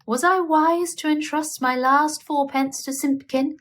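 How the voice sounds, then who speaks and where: A woman's voice: high-pitched, fairly even intonation, measured pace, fairly bright tone, pitched above the performer's own voice. A woman doing a mumbling, fretful old tailor. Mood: fretful mumble. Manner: mumbling, lamenting to himself. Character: poor old male tailor, fretful and worried.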